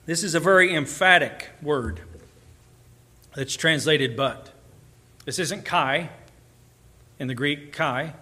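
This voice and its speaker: Bright-voiced emphatic man preaching. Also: a little high, slow pace, long pauses. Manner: emphatic, building in intensity on repeated phrases. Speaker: pastor. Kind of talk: sermon.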